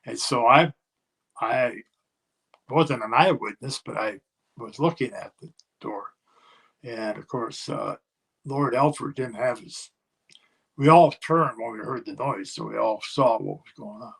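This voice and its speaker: An older man, a former pro wrestler, telling a road story in a casual interview and acting out other people's yelling. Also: mid-range voice, slow pace, pauses often. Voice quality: gravelly, husky.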